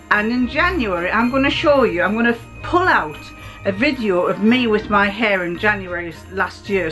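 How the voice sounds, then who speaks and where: A woman's voice: mid-range voice, fairly bright tone. An older woman chatting casually in a giggly, storytelling way as she vlogs from a car. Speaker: vlogger. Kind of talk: casual vlog chat.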